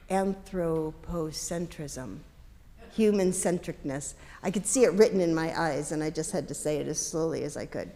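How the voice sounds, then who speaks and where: A woman minister giving a sermon in a conversational way, with light asides and gentle humor. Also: medium pitch. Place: congregation's worship hall. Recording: long reverb of a large hall.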